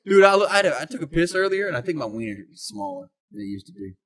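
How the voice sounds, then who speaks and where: A man in his thirties hosting a casual chat with friends, his pitch bouncing all over. He talks loud and crude and often bursts into shouts. His voice sits a little high. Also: big pitch swings, racing, gravelly, crowd noise. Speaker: podcast host.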